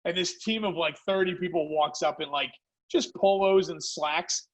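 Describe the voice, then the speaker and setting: A man who founded a food company, a podcast guest telling animated stories in casual chat. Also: on the high side, moderate pace, poor audio. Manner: animated, lively storyteller. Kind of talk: casual storytelling.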